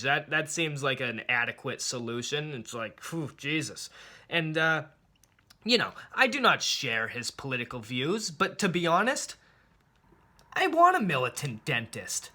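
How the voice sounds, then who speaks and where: A man tells a comic story in a sharp, bright, somewhat high voice. His delivery is sarcastic and animated, full of exaggerated asides. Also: unhurried. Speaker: comedian storyteller. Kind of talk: comic monologue.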